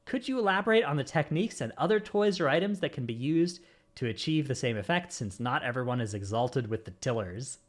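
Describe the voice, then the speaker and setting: A man's voice: medium pitch, expressive, brisk. Casual man hosting a gaming podcast. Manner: rattles off lists of supporter names with jokes. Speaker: podcast host.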